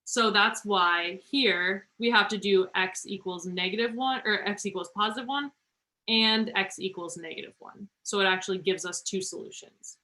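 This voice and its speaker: A woman tutoring students through a math problem online, encouraging them and talking through each step slowly. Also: medium pitch, sharp tone, rough recording.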